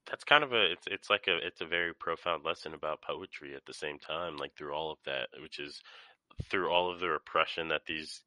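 A man's voice: a bass voice, fairly quick, bright, forceful tone, no room sound. A man co-hosting a film podcast, speaking in a thoughtful, reflective way. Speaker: podcast co-host. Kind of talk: casual film discussion.

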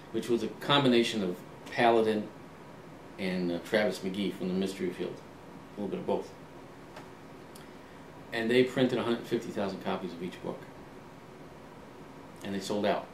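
Heard through a distant mic in a roomy space with a faint ambient hum, an author in his sixties speaks in a voice on the low side. During his interview he shares relaxed stories, acts out past conversations, and often ums and restarts.

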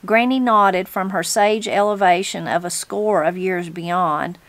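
A woman with a Southern Appalachian accent reading a book aloud in a steady, unhurried storytelling manner. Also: on the low side. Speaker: channel host.

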